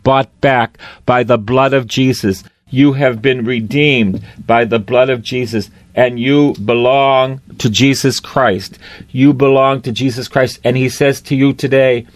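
A man preaching a sermon, slow and emphatic, often repeating phrases for weight. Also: medium pitch, dry recording.

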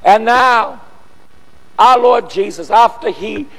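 A man preaching a sermon, emphatic and repetitive, building from quiet phrases to shouted lines. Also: sits high, slow pace. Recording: long echoey hall.

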